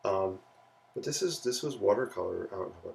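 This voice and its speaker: Gravelly-voiced man hosting a live art stream. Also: sits low, normal speed, distant mic. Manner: relaxed, chatty, playful asides. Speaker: livestream art host. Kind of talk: casual live sketching stream.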